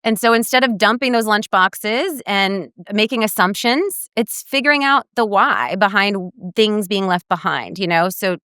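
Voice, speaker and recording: Woman guest dietitian, middle-aged, animated storyteller; clear, crisp voice. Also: medium pitch, normal speed, few pauses, no echo, clean studio sound. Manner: warm storytelling, animated quoting of others. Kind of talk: podcast interview.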